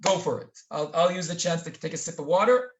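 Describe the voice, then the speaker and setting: A man's voice: a little high, brisk. A man, from Israel, giving a live online lecture from his home by video call, addressing listeners as friends and telling the story with dramatic emphasis. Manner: direct audience address, calls listeners "friends". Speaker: webinar speaker and tour educator. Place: home near the Syrian border.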